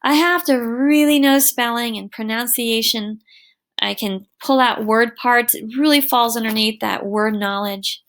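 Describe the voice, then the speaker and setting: A woman teaching a recorded online lesson, her voice bright and clear and pitched a little high. She talks to her students warmly and encouragingly, often checking in with a quick "right?". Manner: encouraging, affectionate with students, stresses words with "right?" and "okay?".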